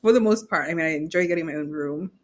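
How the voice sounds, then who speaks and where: A woman's voice: low voice, fast. A young woman co-hosting a podcast, telling stories in a chatty way and laughing often. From Kenya or Zambia. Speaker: podcast co-host. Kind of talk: casual chat.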